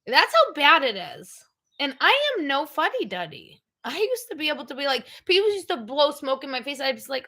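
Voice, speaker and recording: A woman's voice: high-pitched, sing-song, a little fast, sharp tone. A middle-aged woman hosting a livestream, chatting casually in a blunt, rambling way. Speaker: livestream host. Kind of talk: casual chat.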